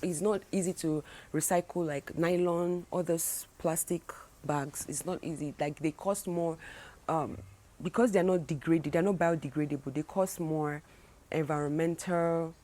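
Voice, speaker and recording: Woman from Nigeria, young adult, casual travel vlog, chatty and rambling, fairly low voice. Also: fairly even intonation, moderate pace, warm tone. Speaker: travel vlogger.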